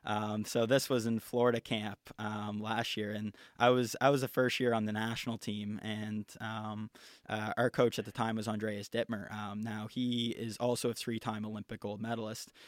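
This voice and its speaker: A man's voice: on the low side, flat delivery, normal speed, no room sound, studio quality. A young man from Canada, a national team canoeist, chatting as a podcast guest and telling stories with many fillers and restarts. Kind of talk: casual interview chat.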